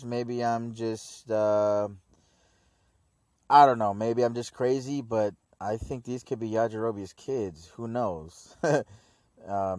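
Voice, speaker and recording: A man's voice: medium pitch, a little mellow, clean tone, no echo, studio quality. Slangy rambling male anime reviewer. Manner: slangy, rambling, lots of dude and man. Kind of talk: casual episode review.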